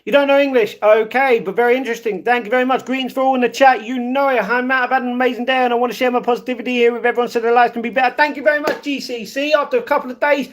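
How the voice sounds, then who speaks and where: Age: adult. Sex: man. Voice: very high-pitched. Style: upbeat live-stream chat. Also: fairly even intonation, very fast, hardly any pauses. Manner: upbeat, chatty, greets viewers by name.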